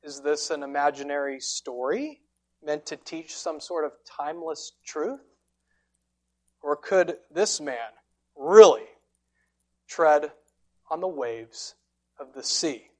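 A woman delivers a sermon at an unhurried, deliberate pace. Her voice sits low for a woman, and she tells the story dramatically, rising to forceful lines and then dropping to a hush. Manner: dramatic storytelling, swings between loud and hushed. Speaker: preacher.

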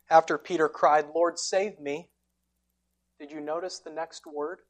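A woman preaching a sermon, telling the story dramatically and swinging between loud, forceful lines and hushed ones. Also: deep voice, steady tone, a little slow.

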